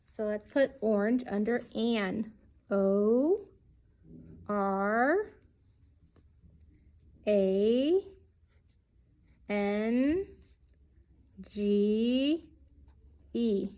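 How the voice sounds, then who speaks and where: A woman's voice: mid-range voice, very slow, pauses often, mellow. A woman teaching a children's lesson, speaking patiently and sounding out each letter.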